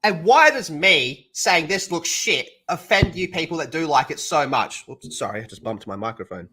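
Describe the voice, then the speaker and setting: A man's voice: a little high, animated, normal speed, sharp tone, husky. A man streaming alone, ranting heatedly with lots of swearing. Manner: heated, profane, sarcastic ranting. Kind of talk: livestream rant.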